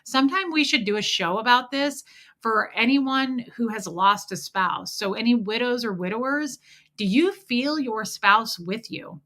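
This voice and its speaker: Woman streamer chatting away, bright punchy voice, lots of likes. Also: on the high side, unhurried. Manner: chatty storytelling, frequent "like" fillers. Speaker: livestream host. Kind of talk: casual livestream chat, reading viewer comments.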